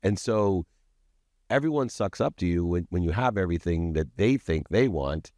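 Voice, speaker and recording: A man's voice: low-pitched, expressive, moderate pace, a little mellow, no echo, clean studio sound. A man, as a podcast guest, telling a personal story in an intense, confessional way with dramatic emphasis.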